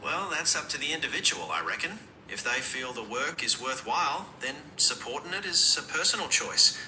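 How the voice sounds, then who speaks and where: Bright Australian-accented male assistant voice. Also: fairly high pitch, big pitch swings, moderate pace, roomy sound, slight background noise, low-quality recording. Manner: laid-back, slangy, noncommittal. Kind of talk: conversational answers.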